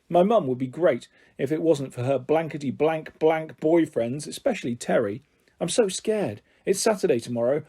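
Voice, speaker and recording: A man's voice: on the high side, dark tone, breathy edge. A man reading a children's novel aloud, giving each character a slightly different voice. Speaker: storyteller.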